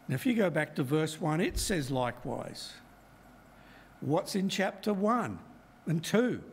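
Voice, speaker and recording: A middle-aged man giving a Bible talk to a congregation, measured and emphatic as he works through verses. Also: a little high. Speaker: lay preacher.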